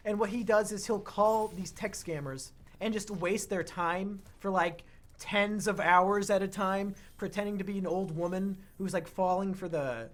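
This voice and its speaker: A man co-hosting a casual podcast chat, talking fast and joking, often breaking into laughter. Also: high voice, fairly bright tone. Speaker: podcast co-host.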